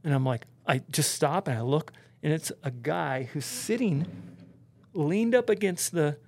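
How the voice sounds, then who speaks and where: Animated man telling a wild story. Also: a little high, unhurried, creaky, dry recording. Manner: animated, swearing, heavy use of "like" and "dude". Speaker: podcast guest, pro snowboarder. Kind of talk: casual storytelling.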